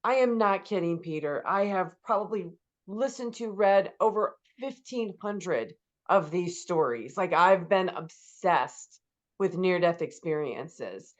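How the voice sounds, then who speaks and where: A woman's voice: lowish voice, lively intonation, measured pace, muffled recording. A woman hosting an interview, talking enthusiastically and effusively, with lots of "like". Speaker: podcast host. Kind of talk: interview conversation.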